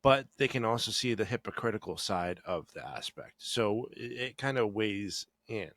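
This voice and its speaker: A man's voice: fairly low pitch, animated, normal speed, fairly bright tone, no room sound. A man co-hosting a podcast, rambling and hesitant, often restarting his thoughts. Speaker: podcast co-host. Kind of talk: casual podcast chat.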